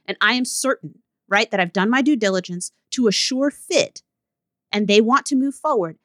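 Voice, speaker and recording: A woman's voice: mid-range voice, fairly bright tone, no room sound. Candid woman coach, blunt solo podcast host, dry recording. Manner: blunt, candid, with laughing asides.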